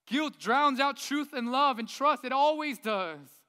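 A male pastor, around his thirties, preaching in a lively, conversational way with many rhetorical questions. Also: extremely high pitch, unhurried, clean tone. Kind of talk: sermon. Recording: long reverb of a large hall.

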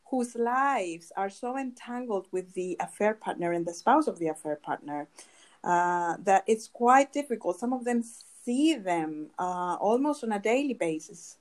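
A woman hosting a podcast interview, agreeing often and asking questions with pauses. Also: medium pitch, animated. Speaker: podcast host.

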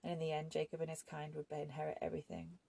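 A woman reading an audiobook voices a calm, resigned young man who speaks softly and never raises his voice. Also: low-pitched, fast talker, vocal fry, breathy edge, exaggerated voice. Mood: sorrowful. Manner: soft-spoken, never raises voice.

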